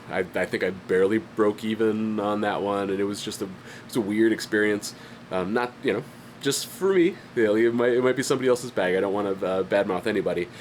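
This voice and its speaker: A man's voice: fairly low pitch, a little hiss or hum. A man giving a casual, rambling vlog update about his art business, stuffy-headed with a light cough and lots of fillers. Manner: rambling, self-deprecating, frequent fillers and restarts. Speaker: independent artist and channel host. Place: home studio.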